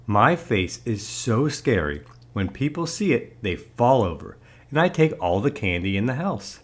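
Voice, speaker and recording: A man's voice: mid-range voice, sing-song, measured pace. A man reading aloud, voicing a cheeky young boy who loves scaring people. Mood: boastful. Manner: bold, boastful. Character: cheeky young boy playing scary tricks.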